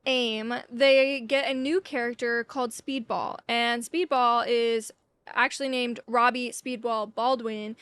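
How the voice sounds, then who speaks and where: A woman's voice: a little high, steady tone, measured pace, fairly bright tone, clear, resonant tone, no echo. A young woman casually and jokingly retelling a comic book history, acting out scenes with silly voices. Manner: jokey, playful, acts out scenes with silly voices. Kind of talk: casual comedic storytelling. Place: hot room, with an ice pack.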